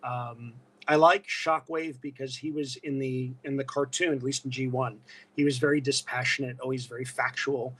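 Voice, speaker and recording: A man with a New York accent, originally from Brooklyn, guesting on a podcast and telling animated stories that slip into voices. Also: medium pitch, moderate pace, slightly rough. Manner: animated storyteller slipping into voices. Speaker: guest, illustrator and voice performer. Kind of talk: casual podcast interview.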